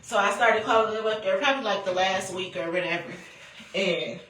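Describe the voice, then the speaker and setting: A woman's voice: mid-range voice, fairly quick, fairly bright tone, a little hiss or hum. A woman, telling a personal story in a candid, profane, rambling way. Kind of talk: casual storytelling. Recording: roomy, distant from the mic.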